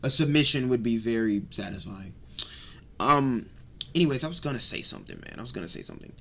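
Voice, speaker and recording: A man's voice: medium pitch, fast, creaky. Fired-up young guy ranting about fights. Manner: excitable, rambling, swings between loud rants and mutters. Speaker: MMA commentary vlogger. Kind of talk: fired-up casual fight breakdown.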